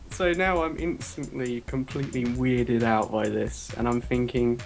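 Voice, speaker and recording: A man's voice: mid-range voice, steady tone, unhurried, gravelly, few pauses, soft background music. A young man telling a story in a casual podcast chat, acting out the quotes. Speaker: podcast co-host.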